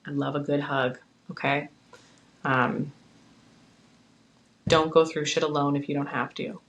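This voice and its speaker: A young adult hosts a solo podcast from home and speaks earnestly, offering encouragement and support. The voice has a gravelly, creaky texture. The delivery stays low-key and flat in pitch, and it is recorded on a phone. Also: a little slow, slight background noise, rough recording. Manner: earnest, encouraging, heartfelt pep talk. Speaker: podcast host. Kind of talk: casual solo podcast talk.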